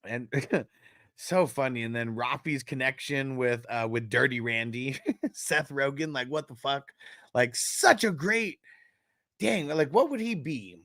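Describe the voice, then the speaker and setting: A man chatting casually on a fantasy football live stream, his voice sitting at an ordinary middle pitch. He laughs often and swears freely, animated and loose. The sound is dry, with almost no room in it. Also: measured pace, no echo.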